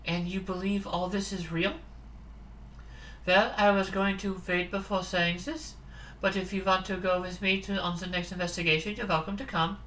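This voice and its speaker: A woman's voice: fairly low pitch, level tone, fairly bright tone, a little hiss or hum, close to an everyday voice, rough recording. A woman doing a reserved German scientist. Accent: German (put on). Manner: measured, polite, guarded.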